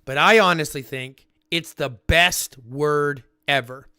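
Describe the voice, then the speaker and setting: A man hosting a livestream, chatting casually with viewers in a rambling, animated way full of fillers. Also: fairly high pitch, slow pace, clean tone, no room sound, studio quality. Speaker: livestream host.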